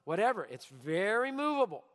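A middle-aged man delivers a sermon with a high, ringing voice and bright, forceful edge. He drives his points home by repeating them. The sound carries a long hall reverb, as in a large church auditorium. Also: big pitch swings, moderate pace. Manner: emphatic, repeats key lines, acts out listeners' voices. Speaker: pastor.

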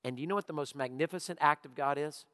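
A male pastor preaching a sermon, telling stories with animated, drawn-out emphasis. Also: on the high side. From Louisiana. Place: church auditorium. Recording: long reverb of a church hall.

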